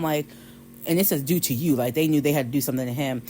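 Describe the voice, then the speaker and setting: Woman, low voice, casual Bible study talk, faint hum behind. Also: lively intonation, normal speed, a little mellow, rough recording. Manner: conversational, retells scripture with quoted voices and light laughs. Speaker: devotional podcast host.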